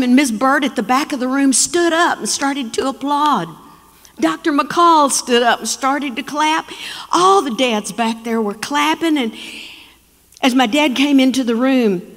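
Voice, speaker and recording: A woman from Texas telling a story on stage, dramatic and slowing for emphasis. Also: on the high side. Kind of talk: live storytelling performance. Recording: long reverb of a performance hall.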